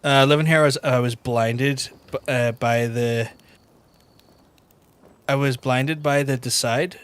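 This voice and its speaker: A man's voice: medium pitch, takes it slowly, clear, resonant tone. A young man with a Northern Irish accent, chatting casually and swearing a lot while streaming a game. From Northern Ireland. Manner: sweary, rambling, animated storyteller. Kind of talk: casual live-stream chat while gaming.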